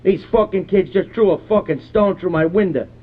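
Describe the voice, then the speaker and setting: Prank call: a man playing a belligerent, swearing rural man in his fifties, high pitched, phone-quality audio. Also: brisk. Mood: gruff, ranting. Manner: rambling, cursing constantly, belligerent. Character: crude foul-mouthed middle-aged rural man, hot-tempered. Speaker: prank caller.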